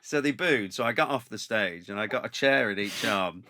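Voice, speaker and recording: A man, a comedian, casually telling an animated, laughing anecdote. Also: fairly low pitch, moderate pace. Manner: animated storytelling with laughter and shouted impressions. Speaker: comedian guest.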